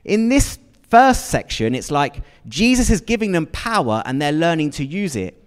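Lively preacher in a hall. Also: male voice, fairly high pitch, moderate pace, clean tone. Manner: conversational, asks the congregation questions. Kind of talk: sermon. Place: church hall with long reverb. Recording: long hall reverb.

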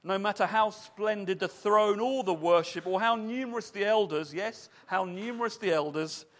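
A man preaching a sermon to a congregation in a lively, chatty way, putting questions to his listeners. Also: high voice, normal speed.

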